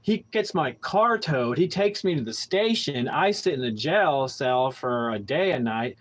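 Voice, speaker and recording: A man's voice: mid-range voice, animated, unhurried, poor audio. Man telling a story, candid and rambling. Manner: candid storytelling with heavy profanity; rambling with frequent restarts and fillers. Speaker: podcast host. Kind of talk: casual monologue.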